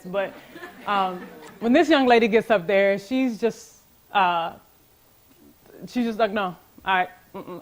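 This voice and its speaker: A young woman giving a casual, chatty class presentation, full of fillers and laughs. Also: mid-range voice. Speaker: student presenter. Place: lecture classroom.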